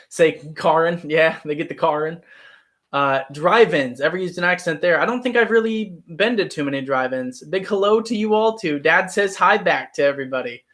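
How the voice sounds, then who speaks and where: A man's voice: fairly high pitch, moderate pace. Chatty young man on a live stream. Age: 20s. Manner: chatty and animated, reads out viewer comments. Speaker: actor and channel host. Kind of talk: casual live-stream chat.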